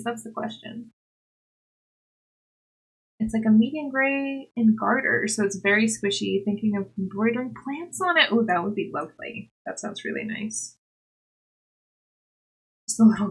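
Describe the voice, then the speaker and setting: Giggly breathy woman streaming. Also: mid-range voice, lively intonation, measured pace, long pauses. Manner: chatty, giggly, talks to her cat and chat. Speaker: livestreamer. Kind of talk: casual chat with live chat while knitting.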